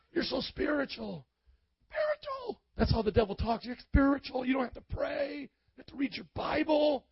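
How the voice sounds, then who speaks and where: A man preaching a sermon as pastor, calling out to the congregation and swinging from loud to hushed. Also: sits high, no room sound, lo-fi sound. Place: church.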